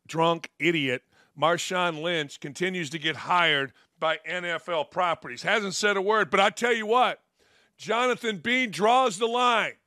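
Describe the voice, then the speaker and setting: Sharp-voiced sarcastic male talk show host. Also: sits high, dry recording, studio quality. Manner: combative, sarcastic, mocking quotes. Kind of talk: opinion commentary monologue.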